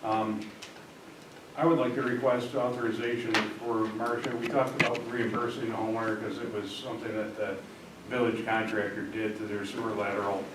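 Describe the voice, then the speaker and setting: A man giving a report at a village board meeting, halting with many ums and restarts. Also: on the low side, level tone. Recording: echoey room from far off, background noise.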